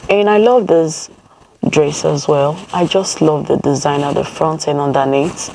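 Low-voiced woman chatting to viewers. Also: creaky, slight background noise, rough recording. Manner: chatty, addresses viewers warmly as "you guys" and "my loves". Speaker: mother vlogger. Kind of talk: casual vlog narration to viewers. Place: at home indoors.

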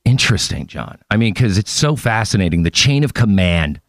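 Chatty animated male podcast host. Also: lowish voice, a little fast, dry recording, studio quality. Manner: animated, chatty, tells stories with impressions. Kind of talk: casual interview chat.

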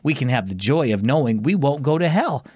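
A man voicing a calm mother in a children's story, gently explaining things to her kids. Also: medium pitch, a little fast, breathy edge, no room sound, studio quality. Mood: reassuring.

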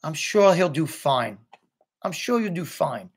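An earnest ten-year-old girl chatters eagerly and chides a rude classmate, as a man reading aloud puts her on. Her voice climbs well above his own and stays lively. It is a storybook read-aloud. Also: on the high side, measured pace, slightly rough, voice pushed up, full character voice. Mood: reproachful. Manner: eager, reproachful. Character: earnest, scolding schoolgirl, about ten.

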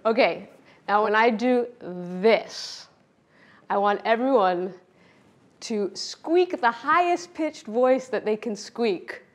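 A woman teaching a children's music lesson, speaking clearly and playfully, often demonstrating with her own voice. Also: on the high side. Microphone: pre-recorded video lesson.

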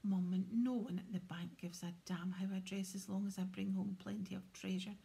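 A patient, easygoing young man answering his mother in a whispered role-play storybook, whispered by a woman reader. The tone is mellow and softly grainy. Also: medium pitch, flat delivery, moderate pace, creaky, husky.

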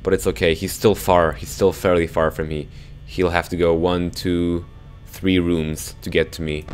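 A young man commentating a horror game for his viewers, jumpy and quick to swear when startled, talking to the audience as he plays. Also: low voice, little pitch movement, darkish tone. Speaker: gaming YouTuber.

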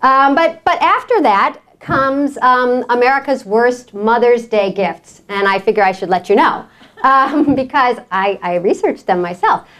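Speaking a little slowly in a voice on the high side, a New York-accented woman tells stories as a guest speaker in a college lecture hall. She's animated and jokey, keeping the lecture humorous.

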